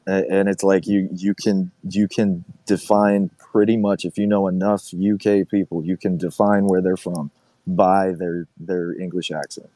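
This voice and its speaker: A man's voice: deep voice, level tone, measured pace, mellow, no room sound, rough recording. A man in casual podcast chat, rambling and joking as he corrects himself. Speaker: podcast co-host.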